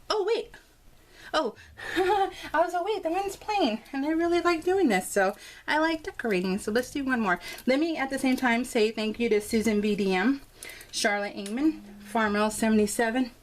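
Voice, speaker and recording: Woman, forties, slightly high voice, chatty, crafting vlog. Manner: chatty storyteller, lots of fillers and laughs. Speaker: scrapbooking vlogger. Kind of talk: casual chat while crafting.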